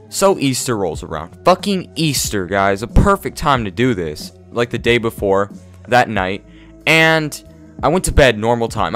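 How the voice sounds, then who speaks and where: A young man vlogger telling an animated, profane story in casual talk. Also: lowish voice. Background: faint background music.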